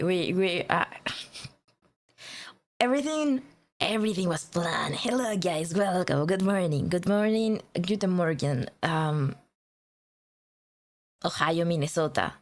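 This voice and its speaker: A woman's voice: fairly low pitch, expressive, measured pace, pauses often. A woman livestreamer chatting casually with her viewers, playful and teasing, giggling and stammering through restarts.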